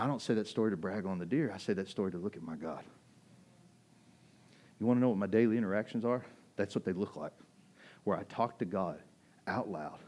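Animated man preaching a story. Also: fairly low pitch, breathy edge. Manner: animated, emphatic storyteller with swings between hushed and loud. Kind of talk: sermon storytelling.

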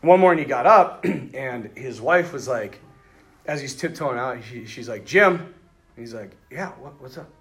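A priest speaking to a group of men, telling lively stories with quoted dialogue and frequent laughter. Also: male voice, medium pitch, normal speed. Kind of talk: storytelling talk to a men's retreat.

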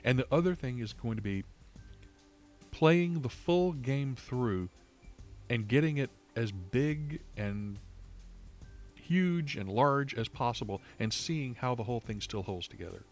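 A man's voice: medium pitch, animated, a little slow, faint music behind. A man co-hosting a casual gaming podcast over an online call, thinking aloud in long, rambling turns full of restarts. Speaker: podcast co-host. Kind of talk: casual chat.

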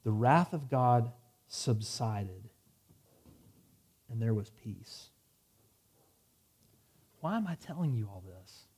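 A man's voice: medium pitch, lively intonation, slow, pauses often, a little mellow, slightly rough. A man preaching a sermon, reading scripture dramatically and dropping wry asides. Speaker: pastor.

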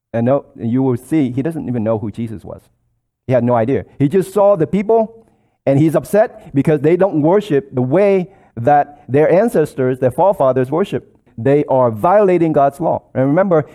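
A man's voice: a little high, mellow. A man preaching a sermon, explaining scripture in an earnest, explanatory way and quoting verses.

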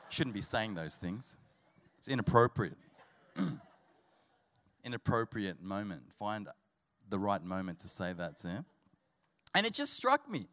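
A man preaching as a guest pastor at a church service, telling a humorous story before building to energetic exhortation. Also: mid-range voice, measured pace, pauses often. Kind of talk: sermon.

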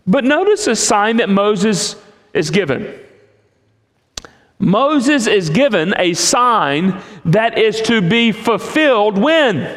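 A man preaching a sermon in an emphatic way, with long pauses between phrases. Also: sits high, expressive, fairly bright tone. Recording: long hall reverb.

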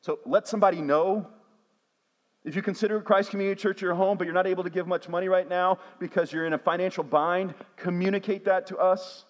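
A man's voice: sits high, fairly even intonation, fairly quick, dull audio. A man, a pastor preaching a sermon with call-and-response refrains. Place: church sanctuary. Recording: long hall reverb.

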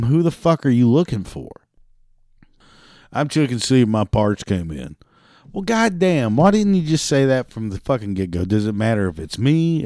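Man, profane rant, exasperated, lively pitch, dry close sound. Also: no echo. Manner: profane, exasperated, mimics callers; drinks beer while talking. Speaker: parts department worker. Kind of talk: ranting monologue.

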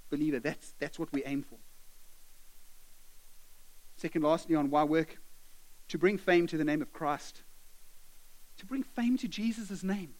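A man's voice: on the high side, moderate pace, pauses often, rough recording. A man preaching a sermon, telling stories and acting out characters. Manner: animated storytelling, acting out characters. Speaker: pastor.

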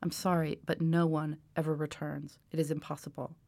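A woman reading the lines of a gentle, earnest old man who speaks patiently and firmly. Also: sits low, flat delivery, moderate pace, vocal fry, dry recording. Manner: patient, apologetic, firm.

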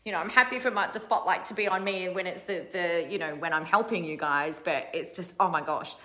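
Woman coach, bright voice, animated and blunt, casual swearing, self-deprecating. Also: lowish voice, a little fast. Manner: self-deprecating, laughs at herself. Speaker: business coach. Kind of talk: live motivational talk to an online audience.

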